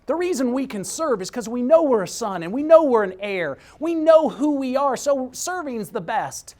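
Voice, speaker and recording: Man, motivational speaker, keynote talk, animated swooping pitch, energetic, punchy, repeats lines for emphasis. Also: normal speed.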